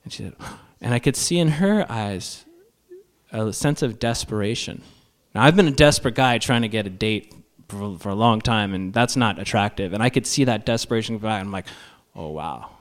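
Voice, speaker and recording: A man's voice: lowish voice, brisk. A man telling a comic story to a live audience, self-mocking and acting out each voice. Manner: animated, acts out every voice, self-mocking.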